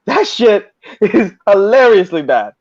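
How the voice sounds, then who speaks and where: A man chatting casually as a podcast host, telling animated stories full of swearing. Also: high voice, a little slow, dry recording, dull audio. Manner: profane, animated storyteller. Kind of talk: casual storytelling chat.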